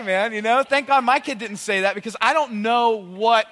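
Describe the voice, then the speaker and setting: A man in his thirties telling rambling, animated comic stories to an audience, full of "like" and "you know". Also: high-pitched, moderate pace, big-room sound. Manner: rambling, animated, heavy on "like" and "you know", bursts of loud excitement. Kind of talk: conversational storytelling, comic monologue.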